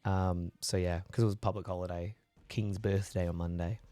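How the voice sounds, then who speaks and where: A man chats casually on his livestream, rambling, reading and answering viewers' messages, and coughing occasionally as he gets over a chest infection. His low, warm voice is fairly quick, with fairly even intonation.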